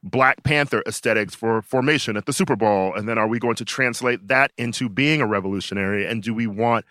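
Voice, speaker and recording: Bright-voiced man in casual podcast chat. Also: on the low side, fairly quick, dry recording, clean studio sound. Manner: opinionated, talks in long runs with many fillers. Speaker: podcast co-host.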